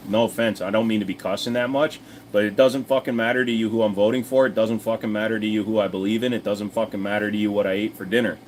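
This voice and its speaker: Low-voiced, blunt, cussing man chatting. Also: steady tone, quick pace, slight background noise. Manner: blunt, profane, rambling with fillers; chatty, talks straight to viewers. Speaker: livestream host answering chat. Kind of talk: casual livestream chat.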